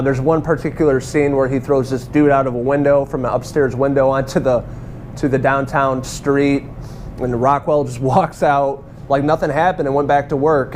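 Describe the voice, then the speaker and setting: A man's voice: mid-range voice, a little mellow, a little hiss or hum. A man giving a casual, rambling movie review, swearing freely and laughing now and then. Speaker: film reviewer.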